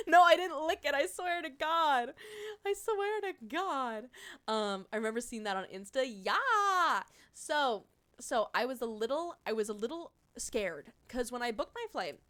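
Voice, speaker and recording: This young woman streamer, whose accent is Midwestern American, has a fairly high voice. She chats with viewers in an animated way, full of swearing and frequent laughter.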